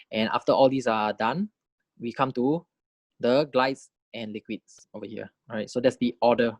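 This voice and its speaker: A man teaching a phonetics lesson, explaining consonant types in a patient, explanatory way, demonstrating sounds slowly and checking in with "right?" and "okay". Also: mid-range voice, a little mellow, no echo. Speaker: language teacher. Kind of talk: phonetics lecture.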